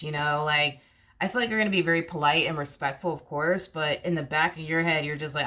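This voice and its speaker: A woman's voice: low-pitched, normal speed, pauses often, sharp tone. A woman giving a casual tarot reading to camera, repeating herself with rhetorical questions and many fillers. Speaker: tarot reader.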